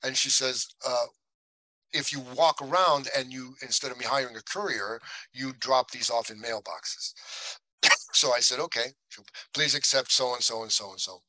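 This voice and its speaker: A man's voice: medium pitch, unhurried, no echo, low-quality recording. A man, an actor guest in a podcast interview, telling anecdotes casually and acting out the people he quotes. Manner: animated anecdotes, acts out quoted voices.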